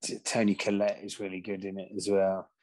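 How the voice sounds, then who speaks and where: A man's voice: low voice, monotone, brisk, darkish tone. A man co-hosting a podcast, chatting casually about music in a rambling, hesitant way. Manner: rambling, hesitant, lots of fillers. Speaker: podcast co-host.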